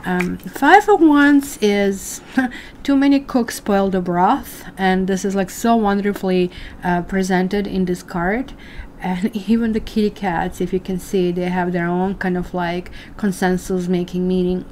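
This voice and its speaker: A woman's voice: mid-range voice, steady tone, unhurried, darkish tone, slight background noise. A woman doing a chatty live tarot reading for viewers, full of fillers and asides. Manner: chatty, addresses viewers as guys, many fillers. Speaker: tarot reader.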